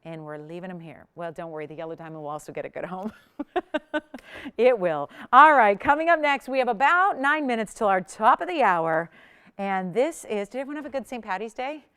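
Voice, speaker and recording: A woman's voice: medium pitch, lively intonation, fairly quick, fairly bright tone, clean tone. A woman hosting a live jewelry shopping show, chatty and enthusiastic, laughing often as she sells.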